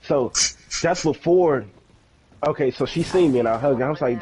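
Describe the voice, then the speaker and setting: Young male streamer, casual storyteller, profane and animated, acting out the other voices, faint background noise. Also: medium pitch, normal speed, rough recording. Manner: animated, profane, acts out quoted dialogue.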